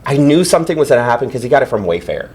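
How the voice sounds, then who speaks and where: A man's voice: medium pitch, very animated, rapid-fire, a little mellow, slightly rough. A man on a podcast as a guest, chatting casually and animatedly, with lots of fillers and frequent laughter. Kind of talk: casual chat.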